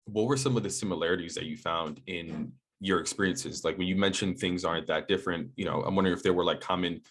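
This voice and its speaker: Husky, deep-voiced podcast host. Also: quick pace. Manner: casual, animated questions. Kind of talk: podcast interview.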